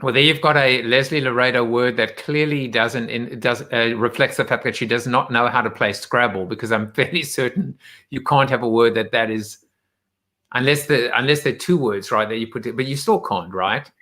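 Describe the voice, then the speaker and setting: A man hosting a casual video-call chat, teasing his guest in a playful, quick-witted way. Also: mid-range voice, bright, forceful tone. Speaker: host.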